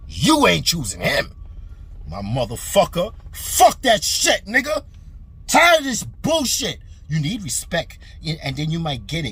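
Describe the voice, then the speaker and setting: A man's voice: a little high, bright, forceful tone, slightly rough. A man hosting a boxing commentary channel, delivering a heated, profane opinion rant to camera. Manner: heated, aggressive, repetitive and profane.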